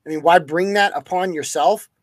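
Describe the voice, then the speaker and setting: A man's voice: high voice, moderate pace, no room sound. A man hosting a live news-commentary podcast, ranting with heavy profanity and sarcasm. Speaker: podcast host.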